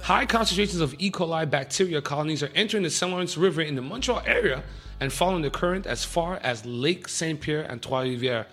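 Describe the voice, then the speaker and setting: A man hosting a radio show, reading the news in a casual, excitable way with jokey asides. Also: a little high, fast talker, soft background music.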